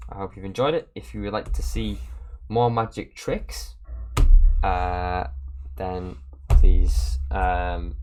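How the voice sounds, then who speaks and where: Low-voiced man telling a card-trick story. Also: a little hiss or hum. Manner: chatty, animated, acts out quoted voices.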